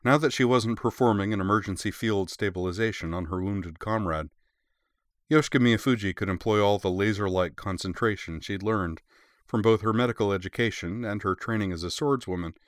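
A man reading a story aloud in steady, measured scripted narration. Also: deep voice, no room sound, studio quality. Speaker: audiobook narrator.

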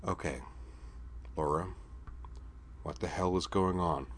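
A man narrating a story aloud, reading in an even, measured way and voicing a wry man in his own register. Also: sits low, slight background noise. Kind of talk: audiobook narration.

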